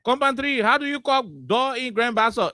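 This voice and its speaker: A man's voice: very high-pitched, expressive, normal speed, sharp tone, dry recording, clean studio sound. A man hosting a call-in radio show, teasing callers and laughing often.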